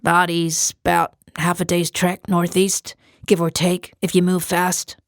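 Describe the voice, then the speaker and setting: A woman's voice: fairly low pitch, completely flat delivery, unhurried, no room sound, studio quality. A woman voicing a blunt, brash male hunter in an audiobook. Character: gruff tough male hunter, scoffing.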